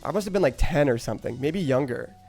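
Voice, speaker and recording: A man's voice: mid-range voice, lively intonation, fast talker, vocal fry, darkish tone, soft background music. A man streaming live, telling a rambling story to his chat, swearing freely and often breaking into laughter.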